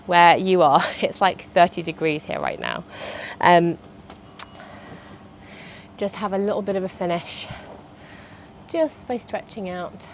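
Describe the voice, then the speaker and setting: A woman's voice: medium pitch, slow, gravelly, long pauses, slight background noise. A woman, a fitness instructor chatting and cueing movements through a workout.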